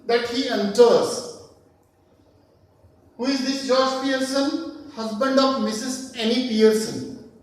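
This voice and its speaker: A man with an Indian English accent gives a recorded lesson, with a very high voice and a slow, deliberate pace. He explains step by step, repeats points and answers his own questions. He sounds far from the mic in a very echoey room. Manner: explains slowly, repeats and asks himself questions. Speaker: teacher. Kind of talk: recorded class lecture.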